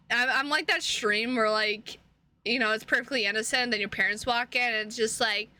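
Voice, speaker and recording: A woman streamer with a high voice, chatting in a goofy, rambling way while playing a game. Her tone is bright, and there is a faint hiss behind her. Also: a little slow. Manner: goofy, rambling, jokey, lots of laughing. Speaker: streamer playing a visual novel. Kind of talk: casual streaming chat. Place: home room.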